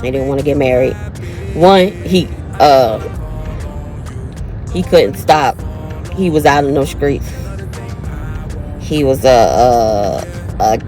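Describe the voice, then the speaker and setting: A woman's voice: very deep voice, animated, unhurried, long pauses, a little mellow, faint music behind. A woman in her thirties with a cold, telling a personal story to her viewers in a casual, chatty way and calling them y'all and honey. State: has a cold. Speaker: vlogger.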